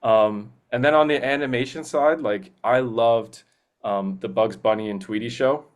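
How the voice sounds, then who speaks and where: A young Canadian voice actor, appearing as a guest in a casual interview, talks earnestly and rambles with many restarts. His voice is medium-pitched and his pace is normal.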